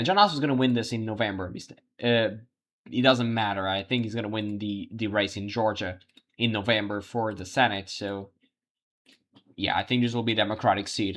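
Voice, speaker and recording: A man's voice: on the low side, fairly bright tone. Man thinking aloud over live results. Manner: thinking aloud, halting with restarts. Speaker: livestream host. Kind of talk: live election results commentary.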